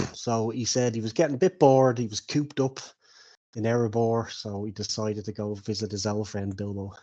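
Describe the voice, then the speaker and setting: A man runs a tabletop game, recapping events in a loose, chatty way. He laughs often and keeps the tone relaxed and friendly. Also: lowish voice, normal speed. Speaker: game master.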